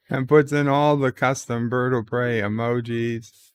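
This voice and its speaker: A man's voice: medium pitch, steady tone, a little slow, clean tone, dry recording. A man hosting a livestream, casually reading viewer comments aloud with many filler uhs. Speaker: livestream host.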